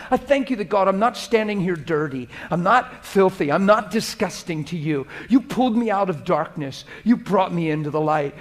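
A man preaching a sermon as pastor, swinging between loud exhortation and hushed, conversational prayer. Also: high voice.

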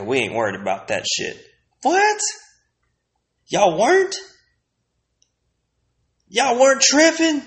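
A man hosting a profane, rambling comedic rant full of street slang. His voice sits fairly high and jumps into sudden loud outbursts. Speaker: host.

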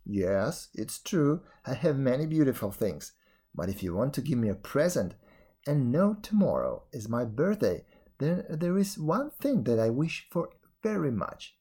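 A man's voice: mid-range voice, sing-song, a little slow, warm tone, slightly rough. A man voicing a young, spoiled princess in a fairy tale reading, coaxing and eager. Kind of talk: storybook reading.

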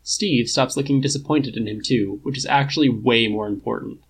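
A man's voice: mid-range voice, moderate pace, gravelly, a little hiss or hum, poor audio. A man narrating a fan-fiction story in a casual, wry reading style. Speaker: podfic reader.

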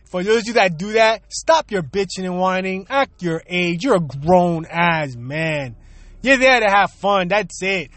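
A middle-aged man with an unusually high-pitched voice vents straight to his audience. He swears freely, repeats himself and keeps hammering rhetorical questions in a heated rant. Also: animated, unhurried, a bit bright, no room sound. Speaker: vlogger. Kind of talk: profane ranting monologue.

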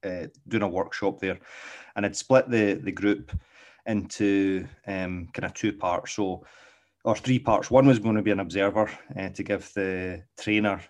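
A middle-aged dog trainer from Glasgow, Scotland, speaks in a rambling, casual monologue with a Glaswegian Scottish accent, often checking in with "okay?". His voice sits low, with a steady tone and an unhurried pace.

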